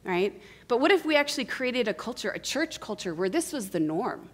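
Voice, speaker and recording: A woman giving a sermon as guest preacher, earnest and conversational, asking her listeners many questions and tagging points with a quick "right?". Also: a little high, sing-song, slightly rough. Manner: intimate, asks the congregation many questions; earnest, swings between soft and emphatic.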